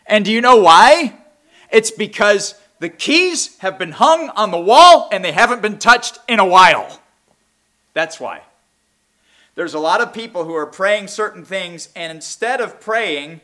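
A man preaching a sermon, swinging between impassioned near-shouts and low, quiet asides. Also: animated, normal speed.

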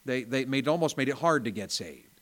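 A man with a Southern accent from Tennessee preaching a sermon in a small church. He tells a story in a folksy way, dropping to quiet asides and then climbing to loud, emphatic bursts. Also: medium pitch, expressive, brisk. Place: small church during a service.

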